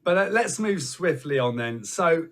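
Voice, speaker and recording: A man's voice: fairly high pitch, lively intonation, measured pace. A man hosting a casual rugby panel chat, teasing the guests and moving things along. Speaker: podcast host. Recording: faint background noise.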